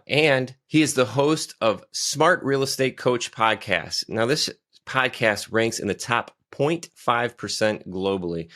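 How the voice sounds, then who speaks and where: A podcast host from Michigan conducts an interview in a medium-pitched, somewhat bright voice. His delivery is upbeat and hyped, packed with "uh" fillers.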